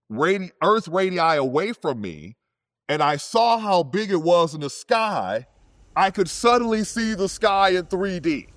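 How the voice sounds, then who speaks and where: A man, a physicist, telling science stories in a relaxed, conversational way, often adding "you know" and "right?". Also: high-pitched, no room sound, clean studio sound. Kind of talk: storytelling science talk.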